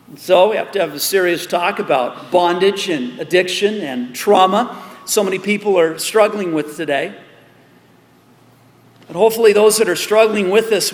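A man preaching a sermon as pastor, animated, with joking asides and repeated words. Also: sits high. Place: large church hall. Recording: echoey hall with long reverb.

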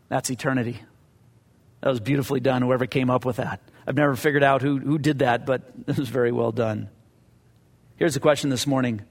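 A man's voice: a little high, long reverb tail. A man preaching a sermon as pastor, earnest and conversational, often repeating his words as he goes.

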